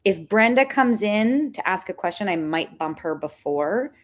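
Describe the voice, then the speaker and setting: A young woman reading tarot on a livestream, chatting casually with viewers. She is excitable and says "like" a lot. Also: medium pitch, unhurried. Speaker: tarot reader hosting a livestream.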